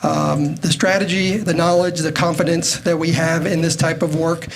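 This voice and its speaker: A man presenting to a school board, wrapping up a confident, persuasive pitch for his team. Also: level tone, normal speed, gravelly. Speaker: presenting contractor. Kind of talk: closing pitch.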